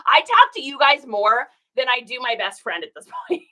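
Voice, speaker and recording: Chatty, bright-voiced woman on a live stream. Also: sits high, sing-song, moderate pace. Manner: chatty storyteller, reads viewer comments aloud; folksy, says y'all. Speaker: reseller hosting a live shipping stream. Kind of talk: casual live-stream chat.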